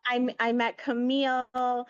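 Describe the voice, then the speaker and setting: A middle-aged woman guest, a media entrepreneur, recounts a story casually and with energy while acting out the quoted lines. Her smooth voice is on the high side and she speaks at a measured pace. There's no room sound, and the audio is dull.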